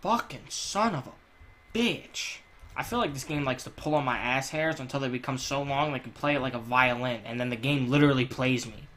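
A young man riffing crudely over his gameplay, swinging between low mutters and sudden loud shouts. His commentary is jokey, profane and full of laughter. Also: steady tone, quick pace, hardly any pauses, slight background noise. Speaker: gaming channel host.

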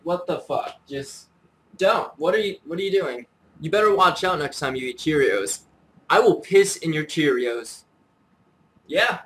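Profane ranting man, slightly high voice. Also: fairly bright tone, a little hiss or hum, poor audio. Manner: mock-furious, profane, ranting with sighs. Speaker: YouTuber. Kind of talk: comedic insult rant to camera.

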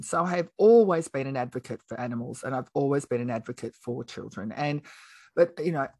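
A woman's voice: low voice, husky, no room sound. A middle-aged woman, a podcast guest, telling a story in casual chat, frank and outspoken, acting out the lines of the people she quotes. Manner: animated, acts out quoted dialogue.

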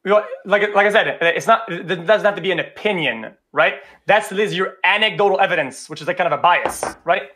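A man hosting a livestream debate, talking in a casual, excitable way. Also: sits high, fairly quick, few pauses. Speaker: streamer and debate host. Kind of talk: livestream chat.

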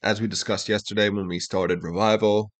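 Low-voiced guy breaking down a song, laid back, kinda rambling. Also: brisk. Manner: relaxed, explanatory, thinks aloud with fillers. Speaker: co-host breaking down songs. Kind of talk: casual music breakdown chat.

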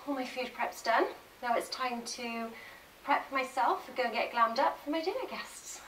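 A woman's voice: a little high, animated, normal speed, echoey room, far from the mic, over music, rough recording. A woman hosting a dinner party at home, chatting cheerfully to camera as she cooks. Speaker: dinner party host cooking. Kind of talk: casual chat to camera. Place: home kitchen and dining room.

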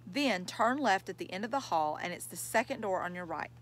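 A woman reading the part of a busy teacher who gives directions briskly. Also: mid-range voice, lively intonation, a little hiss or hum, natural voice. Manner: brisk, self-correcting.

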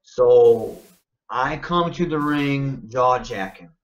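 A man from Michigan, a wrestler and interview guest, talking in an animated, confident, self-promoting way and often checking in with "you know what I mean.". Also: mid-range voice, takes it slowly, muffled recording. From Michigan, United States. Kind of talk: casual interview talk.

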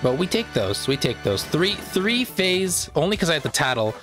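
A man's voice: mid-range voice, quick pace, faint music behind. Male let's-play host, casual and joking, mid-range voice. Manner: joking, excitable, self-correcting. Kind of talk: casual gameplay commentary.

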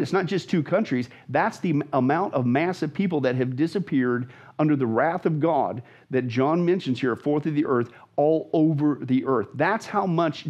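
A man speaks as a pastor, his voice slightly high and husky. He teaches with dramatic emphasis, repeating phrases for stress. The recording sounds somewhat dull and lo-fi. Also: darkish tone. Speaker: pastor, guest. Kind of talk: animated Bible teaching in conversation.

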